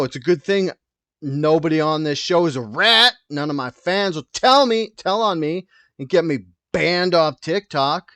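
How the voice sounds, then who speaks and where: A man hosting a solo podcast, rambling through tangents with lots of swearing, loud and wired on coffee. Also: on the high side, no room sound. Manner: rambling, tangent-prone, profane. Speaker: podcast host.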